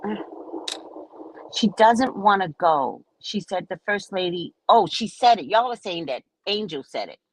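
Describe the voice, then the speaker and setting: A woman's voice: medium pitch, expressive, measured pace, a little hiss or hum, poor audio. A woman chatting casually with viewers on a home live stream, reading their comments aloud and answering them. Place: at home by the kitchen table.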